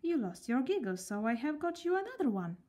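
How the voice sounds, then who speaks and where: A woman's voice: high-pitched, big pitch swings, fairly quick, warm tone, pitched above the performer's own voice. A woman doing a cheerful little storybook man. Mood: hopeful. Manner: hopeful, upbeat.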